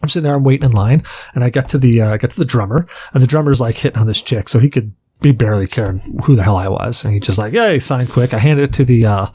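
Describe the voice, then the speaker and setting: A man's voice: mid-range voice, fast talker, warm tone, breathy edge. Man, podcast co-host, casual storytelling, rambling, swears a lot, acts out quotes.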